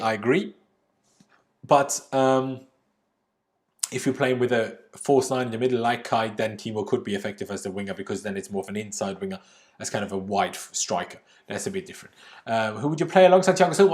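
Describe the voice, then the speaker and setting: A young man hosts a casual livestream, reading viewer comments out loud and answering them in a chatty, informal way, swearing now and then. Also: mid-range voice, a little fast. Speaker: livestream host.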